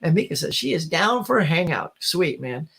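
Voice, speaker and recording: A high-pitched middle-aged man chats casually with his live viewers. He laughs often and rambles, restarting his sentences as he thinks aloud. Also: very animated, moderate pace, gravelly, fairly bright tone, slightly rough. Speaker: host. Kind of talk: casual live-stream chat.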